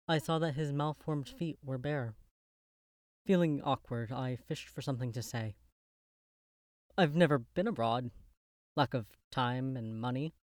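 A man gives measured, literary first-person narration of a gothic horror tale. His voice sits at a middling pitch. The recording is close and dry. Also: a little mellow, dry recording.

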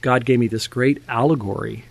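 An older man telling his testimony as an interview guest, in an animated, conversational way, often chuckling and restarting words. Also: medium pitch, moderate pace, gravelly. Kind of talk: conversational storytelling.

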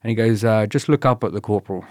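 A man's voice: lowish voice, fast, darkish tone, no room sound, studio quality. A man telling stories in a casual interview, laughing often and swearing as he acts out what others said to him. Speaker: guest.

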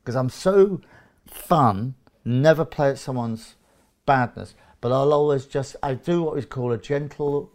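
A man's voice: mid-range voice, a little slow, a little mellow. A man in his fifties from England, a guest in an interview, chatting casually and acting out little dialogues with many restarts.

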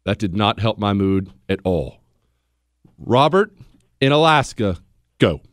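A man hosting a talk radio show, indignant and swinging between loud outbursts and low mutters into a studio microphone. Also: expressive, slow, no room sound.

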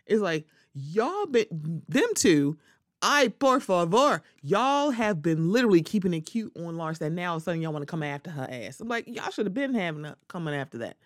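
A woman's voice: on the low side, very animated, brisk, few pauses, a little mellow, no echo, studio quality. A woman hosting a solo podcast, giving casual, sassy commentary and often acting out other people in quoted voices. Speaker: podcast host.

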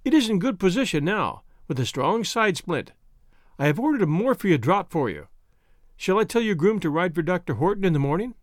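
A man reading the lines of a calm, capable woman doctor in a storybook, speaking in a soothing, measured way. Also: sits high, no room sound, clean studio sound.

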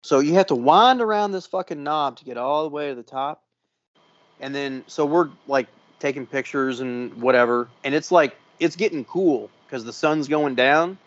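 A man's voice: fairly high pitch, moderate pace, no room sound, lo-fi sound. A man telling a long story on a casual podcast, swearing often and acting out the other people in it. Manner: profane, animated storyteller. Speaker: podcast co-host.

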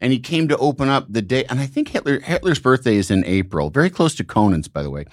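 A middle-aged man from Illinois, hosting a podcast and telling rambling, animated stories in casual conversation. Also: medium pitch, quick pace, no room sound, clean studio sound. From Illinois, United States. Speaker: podcast host.

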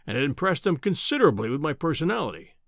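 A man voicing a pompous, booming older professor who lectures in a condescending, imperious way in an audiobook reading. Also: big pitch swings, fast, creaky, fairly bright tone, no echo, studio quality, heavily acted. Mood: lecturing.

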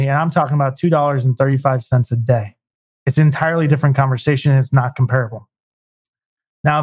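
A man's voice: a little high, dry recording. A man giving emphatic business advice in a podcast conversation, often tagging points with rhetorical questions. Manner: emphatic, rhetorical "right?" asides. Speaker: home service business consultant.

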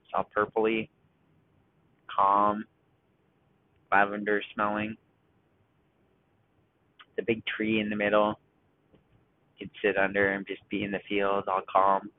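A man hosting a casual solo podcast, talking in a rambling, self-mocking way and deliberately slowing into a calm voice. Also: lowish voice, a little hiss or hum. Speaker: podcast host. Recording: dry, thin phone-like sound.

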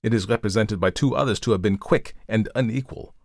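A man voicing a calm, methodical male detective who reasons aloud in a measured, lecturing way, in an audiobook reading. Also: on the low side, gravelly, dry recording, studio quality. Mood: reasoning.

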